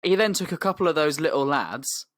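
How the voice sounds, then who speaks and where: A man's voice: a little high, lively intonation, fairly quick, fairly bright tone, dry recording, clean studio sound. A man telling a rambling comic story as a podcast host, laddish and slangy. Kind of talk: comedic storytelling.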